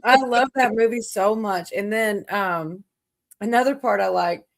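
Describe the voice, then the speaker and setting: A woman's voice: mid-range voice, a little slow, gravelly. Rambling woman livestream host. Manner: rambling, laughs often, many fillers. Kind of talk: casual chat.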